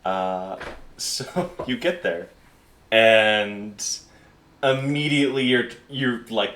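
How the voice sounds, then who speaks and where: A man's voice: lowish voice, slow, a bit bright, echoey room. A man running a tabletop game as game master, narrating in a casual, loose way.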